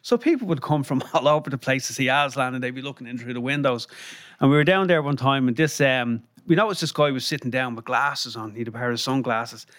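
This Irish guest, once part of a band's crew, rambles through old stories in a podcast studio, peppering them with "you know," "um," and small chuckles. His ordinary-pitched, slightly bright voice is dry and close-miked, and he talks quickly.

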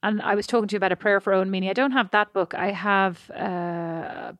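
Expressive woman, dry close sound. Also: medium pitch, fairly quick, no echo. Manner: expressive, rambling storyteller. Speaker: podcast co-host. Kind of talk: casual chat.

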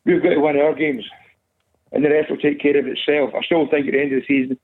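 A man calling a football phone-in, tired and a bit out of breath, calm and dismissive of rivals. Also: fairly high pitch, fast. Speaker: caller, Celtic fan. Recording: tinny phone line.

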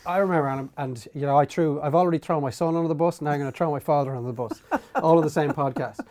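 Guy on a podcast, kinda high voice, tells parenting stories with big shouty impressions. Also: rapid-fire. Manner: animated storytelling, mimics shouting at kids. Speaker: podcast co-host. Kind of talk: casual chat.

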